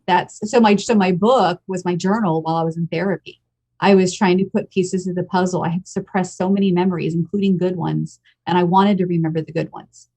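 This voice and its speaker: A woman's voice: on the low side, creaky, darkish tone. An American woman in her fifties, a podcast guest telling her own story in a frank, emotional and blunt way. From United States. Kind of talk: candid personal storytelling.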